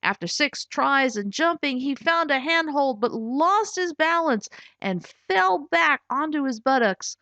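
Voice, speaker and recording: A woman's voice: high voice, animated, measured pace, sharp tone, no room sound. A woman author reading her own children's storybook aloud, telling it with expression and giving voices to the characters. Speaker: author and narrator. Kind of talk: scripted audiobook narration. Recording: dull lo-fi recording.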